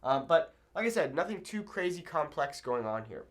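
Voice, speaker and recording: A man's voice: on the high side, sing-song, moderate pace. A man teaching a Spanish lesson at a whiteboard, explaining patiently and checking in with "okay?" after each point. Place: room with a whiteboard.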